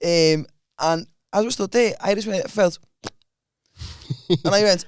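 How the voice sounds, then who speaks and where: A young man with a high voice tells rambling stories on a comedy podcast. He laughs his way through his own anecdotes in loose, casual chat. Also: measured pace, clean tone, no echo, studio quality. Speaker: podcast co-host.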